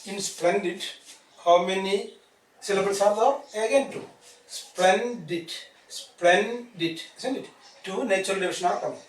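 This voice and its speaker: A man's voice: sits high, steady tone, fairly quick. A man teaching a grammar lesson, spelling words letter by letter and asking "isn't it?" after each point. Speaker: English teacher. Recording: echoey room, distant mic, faint hiss.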